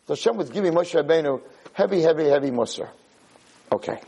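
A man's voice: on the high side, lively intonation, fast talker, vocal fry, mellow, husky, poor audio. A man teaching a sermon on the weekly Torah portion, telling the story animatedly and mixing in Hebrew terms. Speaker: rabbi lecturer.

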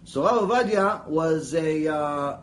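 Taking his time in a voice on the high side, a Torah teacher delivers a Mussar lecture, animatedly acting out voices in his stories and wandering into casual asides. The recording is poor, with a slight hiss or hum.

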